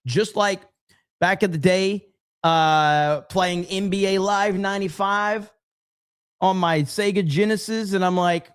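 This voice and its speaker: A man's voice: sits high, steady tone, slow, clear, resonant tone. A man hosting a political commentary stream, talking casually over clips, often repeating words and laughing. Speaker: show host.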